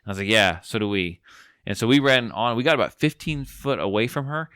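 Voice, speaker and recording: A man's voice: mid-range voice, brisk, clean tone, no echo, studio quality. A man in his forties, a podcast host, telling a long story in casual chat, rambling with lots of restarts. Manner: rambling, animated, restarts often.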